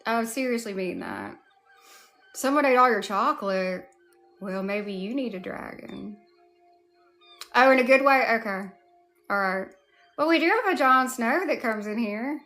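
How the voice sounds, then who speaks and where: A woman's voice: fairly high pitch, expressive, unhurried. A woman with a Southern US accent hosting a casual livestream, greeting chatters by name. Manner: warm greetings to chat, drawling. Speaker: livestream host. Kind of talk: casual live chat.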